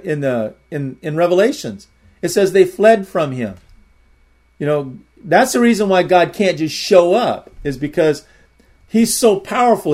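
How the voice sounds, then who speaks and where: Guy preaching his testimony, earnest, kinda rambly, lots of "and, and", a bit higher voice. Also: a little mellow. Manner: rambling, repeats words often; earnest storytelling. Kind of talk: testimony sermon.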